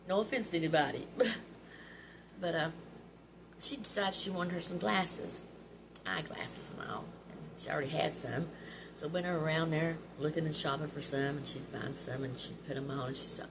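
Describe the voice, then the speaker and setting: A middle-aged woman tells stories to her viewers with a lower, homey voice. She talks in a chatty, heartfelt way and sometimes laughs through tears. A steady background noise runs under her voice. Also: unhurried, pauses often. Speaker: vlog host. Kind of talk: personal storytelling.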